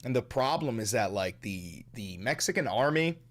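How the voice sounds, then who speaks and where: A man hosting a livestream, ranting loudly and profanely in casual reaction commentary. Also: medium pitch, moderate pace. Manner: loud, animated, profane ranting. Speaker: livestream host.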